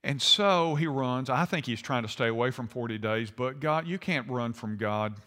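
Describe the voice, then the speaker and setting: A man's voice: mid-range voice, normal speed, sharp tone. A man preaching a sermon in a folksy, conversational way, acting out quotes with rising intensity. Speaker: pastor. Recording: long hall reverb.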